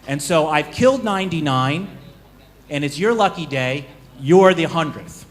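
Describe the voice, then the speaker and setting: A man's voice: fairly high pitch, animated, unhurried. A man voicing a blunt, grumbling middle-aged male warrior guarding a bridge.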